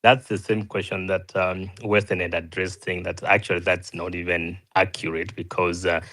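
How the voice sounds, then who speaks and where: A man's voice: low voice, level tone, moderate pace, a bit bright. A man moderating a panel debate, politely interjecting to clarify points.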